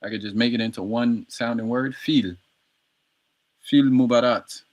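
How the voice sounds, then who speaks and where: A man's voice: medium pitch, steady tone, a little slow. A man on a casual livestream practicing Arabic words, repeating them over and over in a slangy, playful way. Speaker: streamer learning Arabic.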